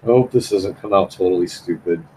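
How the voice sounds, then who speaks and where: A man's voice: low voice, brisk, warm tone, slight background noise, low-quality recording. A man chatting loosely on a live stream while he draws, rambling and repeating himself in a frustrated way. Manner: rambling, repetitive, frustrated, keeps saying "man". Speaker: live-stream host drawing.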